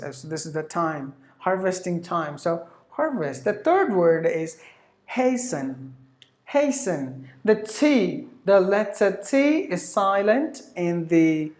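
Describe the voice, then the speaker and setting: Woman teaching pronunciation, slow and repetitive, recorded in an echoey room. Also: lowish voice, darkish tone. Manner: slow, repeats words many times, frequent fillers. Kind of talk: online pronunciation lesson.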